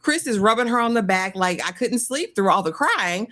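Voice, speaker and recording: A woman co-hosting a casual recap of a reality show, animated and acting out the cast's lines in put-on voices. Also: medium pitch, moderate pace. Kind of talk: casual recap chat with a co-host.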